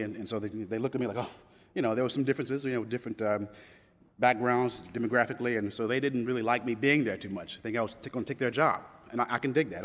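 A man of about fifty from Louisville, Kentucky, telling a personal story in a conversational way, restarting often and quoting others. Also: medium pitch. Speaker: public speaker. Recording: long hall reverb.

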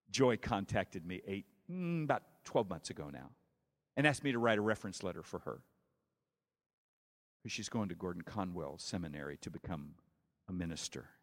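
A male preacher telling a story in a sermon, with dramatic swings from hushed to loud. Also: sits low, big-room sound.

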